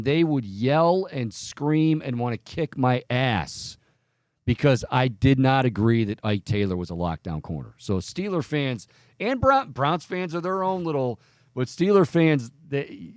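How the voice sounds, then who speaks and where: A sports radio talk show host in a radio studio speaks at medium pitch, expressive and unhurried, with a slightly mellow tone. Opinionated and rambling, he often breaks off mid-sentence, recorded with clean studio sound and no room noise.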